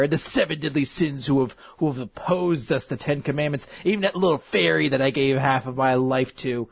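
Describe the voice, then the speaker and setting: A man's voice: on the high side, vocal fry, husky, dry recording. A man hosting a casual, rambling recap of a comic, often laughing and swearing. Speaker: host.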